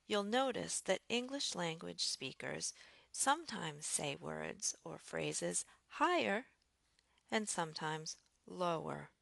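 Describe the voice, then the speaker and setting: A woman teaching English intonation in a slow, clear, deliberate lesson narration. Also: fairly low pitch, a bit bright, no echo.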